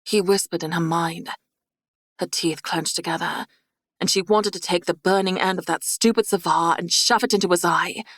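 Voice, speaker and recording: A woman reading a fantasy audiobook in a measured, even storytelling manner. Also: lowish voice, no room sound, studio quality. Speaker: audiobook narrator. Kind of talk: scripted fantasy narration.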